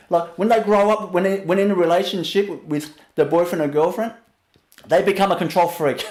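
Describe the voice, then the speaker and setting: A man teaching in a spiritual webinar talk, his fairly high voice broken by frequent little laughs. He drops into a soft, hushed register when he shows what calm sounds like. The sound carries a noticeable room echo. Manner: laughs often between phrases, drops to a soft low voice to show calm.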